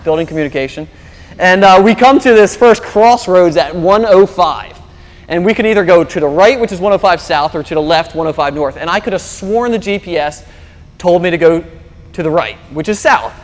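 Man, pastor, storytelling sermon, animated delivery, high voice, long hall echo. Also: normal speed.

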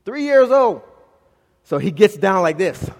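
Storytelling preacher man, high voice, reverberant hall. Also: big pitch swings, unhurried. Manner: storytelling preacher, swings from loud to hushed. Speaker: pastor. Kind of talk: sermon.

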